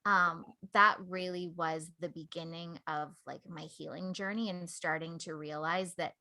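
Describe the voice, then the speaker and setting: A woman with a bright, forceful voice, sitting slightly low in pitch. She talks through a personal story in a relaxed, candid way, scattering "like" through her sentences. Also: normal speed. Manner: candid, reflective storytelling with many "like" fillers. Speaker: podcast guest. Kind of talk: casual conversation.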